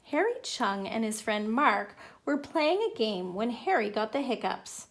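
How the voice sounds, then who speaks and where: A woman reads a children's picture book aloud with playful, animated expression. Her voice sits a little high and swings widely in pitch. She keeps the pace slow and easy to follow. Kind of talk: children's story read-aloud.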